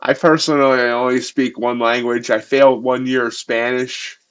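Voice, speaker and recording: A man's voice: medium pitch, little pitch movement, normal speed, smooth. A man from eastern Pennsylvania hosting a live stream, bantering casually with viewers in a loose, rambling way.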